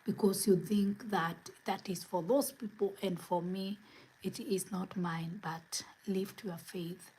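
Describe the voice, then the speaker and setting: As host, a woman delivers an earnest spiritual motivational talk, posing rhetorical question after rhetorical question and often trailing off into soft, breathy whispers. She speaks slowly at a medium pitch with fairly even intonation, and the recording quality is low.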